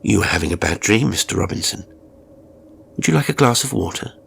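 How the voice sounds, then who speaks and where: A man voicing a calm, polite male live-in carer who speaks quietly, evenly and very literally. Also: fairly low pitch, fairly quick, vocal fry, slight background noise, heavily acted. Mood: placid. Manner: quiet, even and formally literal. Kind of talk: audio horror story reading.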